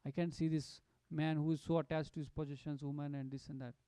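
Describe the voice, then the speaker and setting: A man giving a devotional storytelling talk at a satsang, animated and full of fillers and restarts. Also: on the high side, fast talker, clear, resonant tone, no echo. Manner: animated, acts out quotes, many fillers and restarts. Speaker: satsang speaker.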